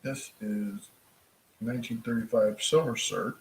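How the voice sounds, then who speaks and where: A man's voice: fairly low pitch, fairly even intonation, a little slow, vocal fry, echoey room, low-quality recording. A man casually chatting as he runs a live-stream auction from his home, laughing often and rambling between bids. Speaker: livestream auction host. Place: room at home.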